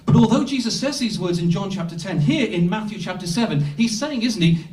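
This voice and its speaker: A man preaching a sermon slowly and emphatically, with dramatic pauses for weight. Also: sits high, animated, a little mellow, recorded from a distance. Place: Bible school hall. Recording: echoey room, speaker off-mic.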